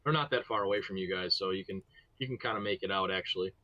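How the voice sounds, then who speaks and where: A man's voice: low voice, fast talker, dry recording, lo-fi sound. A man narrating as game master of a tabletop game, casual and hesitant with fillers.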